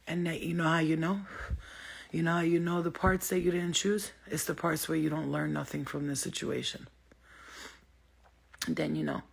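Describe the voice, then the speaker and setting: Profane, animated woman with a gravelly voice. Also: low-pitched, moderate pace, slight background noise. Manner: blunt, profane and animated, greeting viewers mid-talk. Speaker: spiritual livestream host. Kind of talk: casual livestream talk to viewers.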